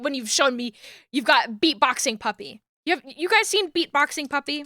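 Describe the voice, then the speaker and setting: Young woman streamer chatting away, kinda high bright voice, laughs a lot, lots of ums. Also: normal speed, no room sound, clean studio sound. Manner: chatty and excitable, laughs often, many fillers. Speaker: streamer rigging an animated model. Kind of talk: casual live-stream chat.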